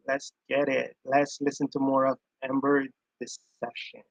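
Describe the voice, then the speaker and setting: A man's voice: mid-range voice, normal speed, gravelly, few pauses, no echo, poor audio. A man giving casual, emphatic commentary on a live stream, reacting to audio he plays and repeating his points. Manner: emphatic, chatty, repeats himself.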